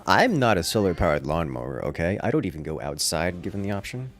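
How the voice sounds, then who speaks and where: A man with a very deep, gravelly voice and a Southern accent, rambling through casual livestream chat with wry, self-deprecating asides. His pitch swings in a lively way, and faint music plays behind him. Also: fast. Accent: generic Southern US. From Southern United States. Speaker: livestream gamer.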